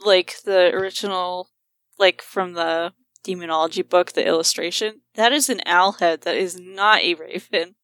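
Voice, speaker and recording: A young woman in casual chat, excitable and quick to laugh. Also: on the low side, dry recording.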